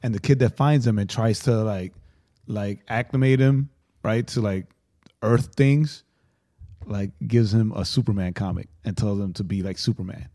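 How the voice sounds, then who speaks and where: A man co-hosting a podcast in casual chat, an excitable storyteller who fills his talk with "like" and "right?". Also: lowish voice, normal speed. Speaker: podcast co-host.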